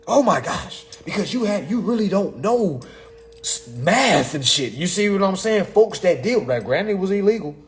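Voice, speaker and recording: A man, talking in a profane, excitable casual monologue, reading legal text aloud and mocking it. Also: sits high, moderate pace, slight background noise. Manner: profane, excitable, laughs often, reads text aloud and mocks it. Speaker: commentator on consumer law.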